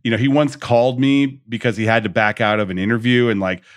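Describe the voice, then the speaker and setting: A man's voice: mid-range voice, fast. A man hosting a podcast, chatting casually and ranting with playful mock outrage. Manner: animated, rants with mock outrage and acted quotes. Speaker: podcast host. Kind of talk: casual chat.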